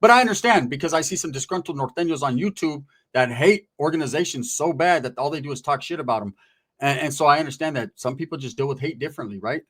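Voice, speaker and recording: A man's voice: a little high, quick pace, a bit bright. A man casually telling prison stories in profane, streetwise slang, acting out the voices of people he quotes. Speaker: guest recounting prison stories. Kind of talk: casual storytelling.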